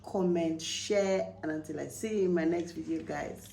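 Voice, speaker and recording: A Nigerian woman chatting casually to camera in a vlog, lively when quoting phrases. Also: on the low side, normal speed, vocal fry, reverberant, slight background noise, low-quality recording. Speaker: vlogger.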